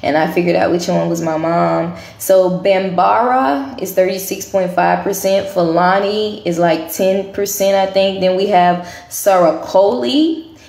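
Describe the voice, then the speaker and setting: A woman's voice: medium pitch, a little slow, vocal fry, a little mellow, roomy sound. A woman vlogging casually to camera, chatting and thinking aloud as she goes through a list. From United States. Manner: chatty, thinking aloud while reading results.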